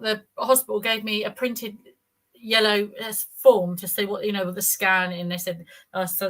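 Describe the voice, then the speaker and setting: A woman's voice: on the low side, bright, forceful tone. A woman telling her own story in a rambling, casual way, repeating words and acting out what others said. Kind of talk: casual personal account.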